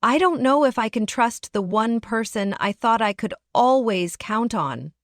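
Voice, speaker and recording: Woman storyteller, earnest and emotional, slightly high voice, dry close sound. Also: expressive, a little slow, no echo. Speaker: narrator. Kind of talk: dramatic first-person story narration.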